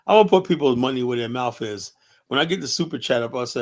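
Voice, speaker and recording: A man's voice: mid-range voice, animated, moderate pace. A man hosting a livestream and talking casually in a rambling, profane way, with many fillers. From United States. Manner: profane, rambling, full of "you know" and "man". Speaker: livestream host.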